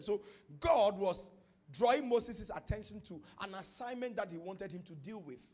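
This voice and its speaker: This Ghanaian man, preaching as a pastor, has a high, expressive voice and a moderate pace. His sermon moves from calm scriptural teaching toward loud, fervent prophetic declarations.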